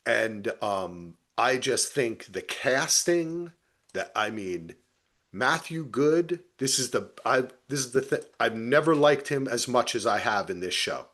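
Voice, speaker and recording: Relaxed, enthusiastic male podcast co-host. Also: mid-range voice, a little slow. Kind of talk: casual chat.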